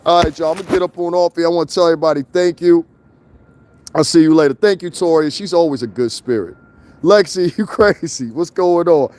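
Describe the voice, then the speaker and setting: A man's voice: a little high, fairly quick, darkish tone, no echo. A middle-aged man, hosting a casual livestream outdoors in the cold, reading comments and rambling in loose, profane stories. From New York. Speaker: livestream host. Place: outdoors in the cold, city street.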